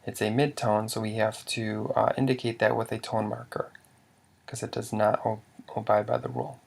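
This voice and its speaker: A man's voice: on the low side, flat delivery, moderate pace, creaky, a little mellow. A man teaching a language lesson, explaining rules patiently step by step with some fillers.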